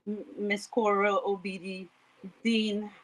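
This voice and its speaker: A woman's voice: medium pitch, level tone, takes it slowly, slight background noise, poor audio. A woman with a New York accent, a guest on a livestream, speaking hesitantly with many fillers. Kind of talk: livestream interview.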